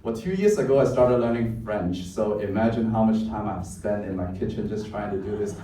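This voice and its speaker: A man's voice: fairly low pitch, moderate pace, dark tone. Hong kong guy doing live stage storytelling, wry and self-mocking, echoey from far off. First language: Cantonese. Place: club stage before an audience. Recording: echoey stage sound from a distance.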